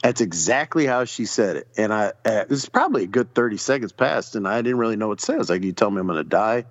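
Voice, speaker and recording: A man's voice: mid-range voice, lively intonation, fast, no room sound, muffled recording. A man telling a long personal story in casual, profane chat, acting out other people's lines as he goes. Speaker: podcast guest.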